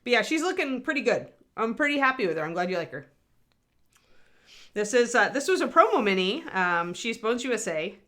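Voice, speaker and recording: A woman's voice: fairly high pitch, sing-song, brisk, fairly bright tone. A middle-aged woman hosting a casual livestream, chatting in a rambling way and answering viewers while painting miniatures.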